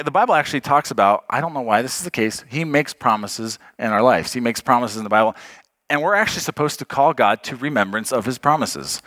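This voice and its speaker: Male preacher, casual conversational delivery, bright tone, dry close recording. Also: mid-range voice, no echo. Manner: conversational, chuckling often, lots of "like". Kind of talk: sermon.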